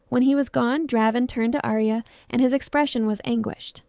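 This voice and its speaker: A woman reading a dramatic romance story aloud as narrator, in a steady storytelling manner. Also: on the high side, normal speed, few pauses, no room sound, clean studio sound. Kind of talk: scripted audiobook narration.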